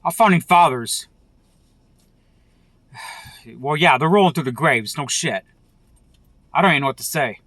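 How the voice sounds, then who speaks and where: A man vlogs an angry political rant, cursing freely and circling back over the same points. His voice sits high for a man. The sound is close and dry, with no room behind it. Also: lively intonation, a little slow, long pauses, a bit bright, dry recording. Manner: profane, heated, repetitive. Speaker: vlogger.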